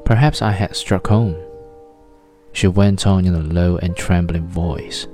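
Deep-voiced male audiobook narrator. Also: fairly even intonation, over music. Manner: measured, literary storytelling. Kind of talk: scripted narration.

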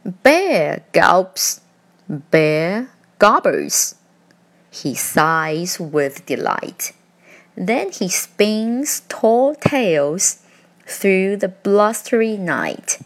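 A woman reading a rhyming picture book aloud, with an expressive, rhythmic delivery. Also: medium pitch, extremely slow. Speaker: storyteller.

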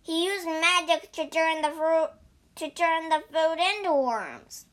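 Woman doing a sneaky tattletale pig, high and bright, slow. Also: full character voice. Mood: sly. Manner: tattling, stirring up trouble. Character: sly tattling male pig.

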